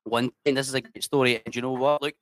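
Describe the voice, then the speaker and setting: A man's voice: mid-range voice, little pitch movement, quick pace, dry recording. A middle-aged man with a Scottish accent, telling stories in a casual interview, chatty and swearing freely. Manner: chatty, swears freely, says "mate" a lot. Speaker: interview guest. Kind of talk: casual storytelling.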